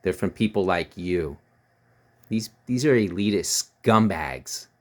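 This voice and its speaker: A man's voice: low voice, lively intonation, slow. A man giving heated, scornful political commentary, ranting and repeating himself.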